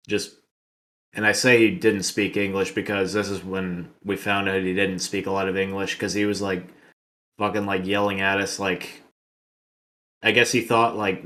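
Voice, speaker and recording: Low voice podcast dude, cracks jokes, rambles and cusses. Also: male voice, a bit bright. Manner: joking, swears freely, rambling restarts. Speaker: podcast co-host. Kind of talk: casual chat.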